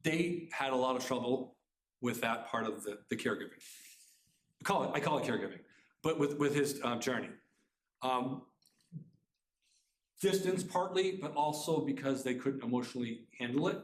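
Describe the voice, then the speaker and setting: A middle-aged man telling a personal family story to a live audience, talking fast and earnestly, often restarting his sentences. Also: mid-range voice, expressive. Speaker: author giving a talk. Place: community center room. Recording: roomy hall sound.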